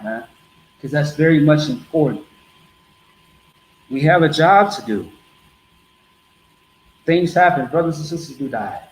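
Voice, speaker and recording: A man delivers a blunt, streetwise street sermon, repeating himself to drive each point home. His voice sits a little high. The recording bounces around an echoey space, with faint ambient noise underneath. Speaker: street preacher. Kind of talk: street teaching to a group.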